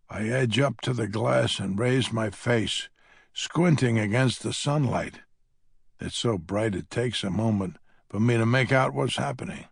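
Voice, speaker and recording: A man's voice: medium pitch, measured pace, vocal fry, breathy edge, dry recording, studio quality. A man narrating an audiobook in the first person, with a wry, grumbling manner.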